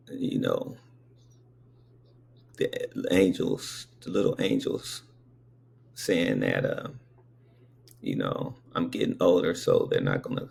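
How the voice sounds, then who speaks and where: A man in his fifties with a low, gravelly, husky voice, telling stories slowly and conversationally. His pitch swings widely as he drifts from point to point and keeps checking in with the listener. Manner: meandering, conversational, many asides to the listener. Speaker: storyteller. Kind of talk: casual spoken recollection.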